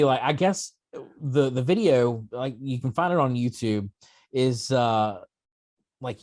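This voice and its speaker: A man co-hosting a casual podcast chat, telling stories in a relaxed way with dry jokes. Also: medium pitch, dry recording. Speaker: co-host.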